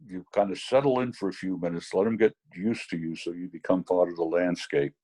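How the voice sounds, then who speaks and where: Husky-voiced man telling fishing tales. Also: deep voice, steady tone, a little fast, mellow, poor audio. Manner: rambling storyteller with fillers. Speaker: fly fishing instructor. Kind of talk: anecdotal teaching demo. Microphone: video call.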